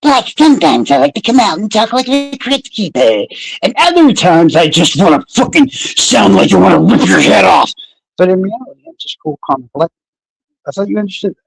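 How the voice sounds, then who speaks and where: Man, high voice, lively swings in pitch, sarcastic and profane, streamer chatting with viewers. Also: brisk, vocal fry, slightly rough, dry recording, low-quality recording. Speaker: true crime streamer. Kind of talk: casual live-stream chat with viewers.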